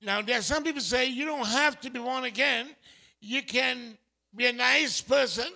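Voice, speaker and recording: A man from St preaching a sermon in a church, shifting from quiet talk to impassioned shouting. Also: very high-pitched, moderate pace, vocal fry.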